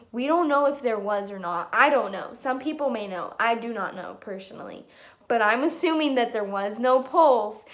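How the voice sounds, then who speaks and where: A young woman vlogging her opinions at home into a camera mic, angry and emphatic, swearing often. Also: sits high. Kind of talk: impassioned opinion vlog.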